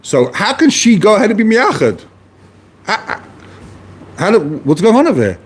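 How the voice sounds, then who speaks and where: Husky-voiced man giving an animated lecture. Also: high voice, normal speed. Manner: animated, repeats key phrases and restarts while explaining; poses questions to the listener and answers them. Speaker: Talmud teacher. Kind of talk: lively explanatory lecture.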